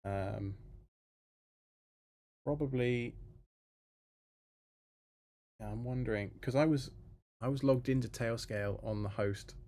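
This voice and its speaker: A man's voice: mid-range voice, slow pace, long pauses, dark tone. A man hosting a live stream, chatting casually with his viewers while muttering through a technical problem. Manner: muttering to himself while troubleshooting, talking to the chat. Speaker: livestream host. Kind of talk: casual live-stream chat, thinking aloud.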